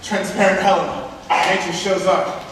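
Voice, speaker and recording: An ardent, fickle young nobleman, played by a teenage boy declaiming passionately on a school stage. The voice sits fairly high. It is heard from far off across an echoing hall with plenty of noise underneath. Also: level tone, moderate pace, lightly acted. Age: teens. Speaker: student actor. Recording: echoey hall from far off, noisy.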